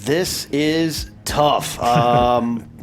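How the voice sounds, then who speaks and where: A man voting and keeping score on a debate panel, weighing his choice in a relaxed, hesitant way. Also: medium pitch, very slow, soft background music. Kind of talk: casual chat.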